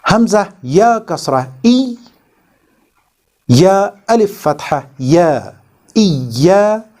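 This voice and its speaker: A man teaching Quran recitation in a deliberate voice-over, spelling out letters and sounds one by one and putting questions to the viewer. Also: high voice, big pitch swings, a little mellow. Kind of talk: slow, deliberate instructional voice-over.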